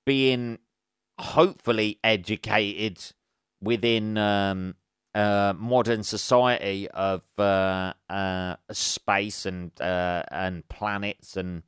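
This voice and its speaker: Sarcastic, sweary podcast host, smooth voice. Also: male voice, on the low side, dry recording, studio quality. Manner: laughs at his own jokes. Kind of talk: casual solo monologue.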